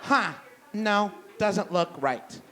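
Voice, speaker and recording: A woman's voice: medium pitch, animated, normal speed, a faint crowd, pitched above the performer's own voice, natural voice. A man voicing a fussy, whiny young woman roommate who complains about everything. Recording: noisy live room.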